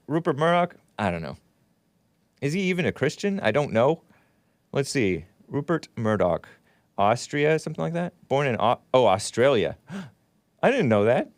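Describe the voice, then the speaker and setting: A man's voice: medium pitch, dry recording, clean studio sound. A man hosting a solo commentary show, rambling and opinionated as he reads out articles and viewer comments. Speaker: host.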